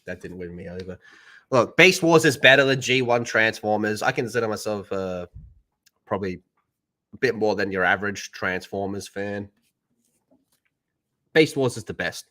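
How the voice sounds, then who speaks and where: A man's voice: on the low side, normal speed, long pauses, sharp tone. An Australian man hosting a live stream, talking in a crude, joking way and swearing often. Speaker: streamer host. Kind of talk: casual live-stream chat.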